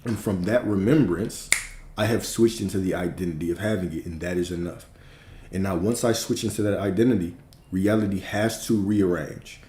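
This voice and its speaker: A man's voice: fairly low pitch, a little fast, warm tone, reverberant. A man teaching on a livestream in an emphatic, preacherly manner, repeating key phrases and swearing casually. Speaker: spiritual teacher.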